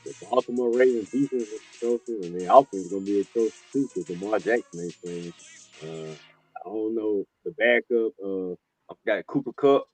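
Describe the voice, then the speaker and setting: A man co-hosting a casual sports talk show over a video call, talking in loose slang and swinging from a low mutter to excited rants. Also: brisk, slightly rough, soft background music, rough recording. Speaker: co-host.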